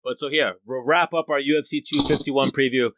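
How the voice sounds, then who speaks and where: A man's voice: mid-range voice, fairly quick, no echo, highs cut off. A man co-hosting a podcast over a video call, casually going through picks and fighter records. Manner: relaxed, reads out picks and stats. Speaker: podcast co-host. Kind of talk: casual chat.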